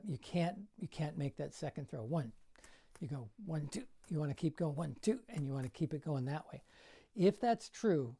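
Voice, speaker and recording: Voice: medium pitch, mellow, slightly rough. An older juggling coach giving a casual tutorial in a bedroom, counting throws aloud as he demonstrates and coaching in plain, encouraging words.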